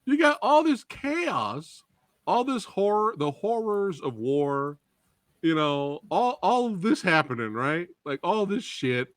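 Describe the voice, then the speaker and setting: A man hosting a casual film review chat, excitable and swearing freely. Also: sits high, takes it slowly. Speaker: podcast host and film reviewer.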